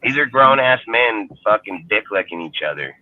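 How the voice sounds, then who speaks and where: A man's voice: on the low side, expressive, normal speed, dry recording. A man hosting a sports fan show, ranting angrily with crude, scornful talk. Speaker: sports podcast host. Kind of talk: profane fan rant. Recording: tinny phone-like sound.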